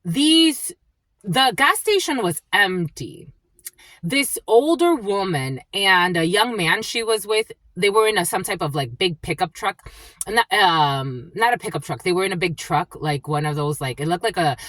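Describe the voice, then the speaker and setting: A woman spiritual reader telling a story in a blunt, profane, animated way, calling her listeners her lovies. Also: on the low side, moderate pace, no echo. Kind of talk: casual storytelling monologue.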